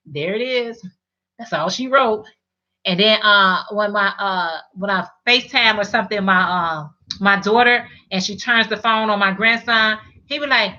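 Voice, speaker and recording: A woman's voice: mid-range voice, normal speed, sharp tone, lo-fi sound. A middle-aged woman hosting a casual live stream, chatting and reading viewer comments, often restarting and repeating words.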